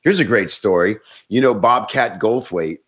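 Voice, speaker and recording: A comedian and actor telling stories in casual chat, animated and often restarting words. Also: male voice, on the low side, moderate pace, breathy edge.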